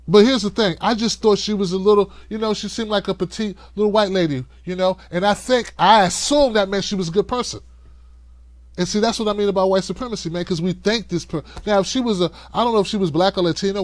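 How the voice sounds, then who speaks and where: A man hosting a livestream of political commentary, talking in an animated, conversational way and cussing freely. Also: sits high, fast talker, no room sound. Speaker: host.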